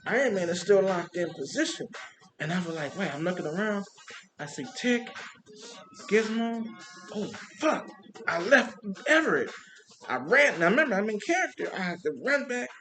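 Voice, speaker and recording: A man who works as a street performer, telling animated stories from a parade in a casual monologue, with vocal sound effects. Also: high voice, moderate pace, soft background music. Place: Compton.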